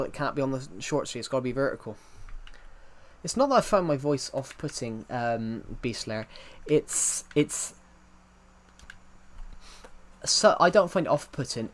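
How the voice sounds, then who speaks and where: A man's voice: mid-range voice, animated, moderate pace. A young man chatting casually on a gaming livestream, rambling and correcting himself while answering chat.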